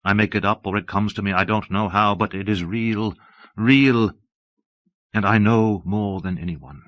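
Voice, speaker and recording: A man voicing a mild, patient old abbess in an audiobook, speaking softly and evenly. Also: lowish voice, normal speed, no room sound, dull audio, natural voice. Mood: earnest.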